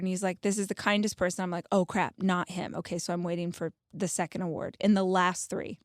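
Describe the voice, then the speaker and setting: Vrouwelijke podcasthost, jaren veertig, levendig vertellend, droge opname, gemiddelde toonhoogte. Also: female voice, medium pitch, no room sound, clean studio sound. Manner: animated, expressive storyteller. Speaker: podcast host. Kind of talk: casual chat.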